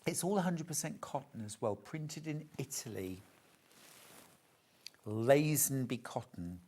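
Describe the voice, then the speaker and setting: A man hosting a live shopping show, unhurried yet gushing over every item. His pitch swoops up and down in a lively, animated way. He is chatty and warm toward viewers, with plenty of delighted asides. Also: slightly rough. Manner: gushing, chatty and enthusiastic about fabrics. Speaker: home shopping presenter. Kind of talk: live shopping channel presentation.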